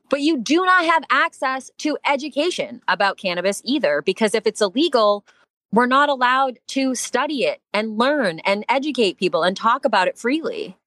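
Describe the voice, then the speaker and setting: A woman's voice: a little high, a bit bright, no room sound. A woman talking emphatically in a casual podcast chat, swearing now and then and laughing as she speaks.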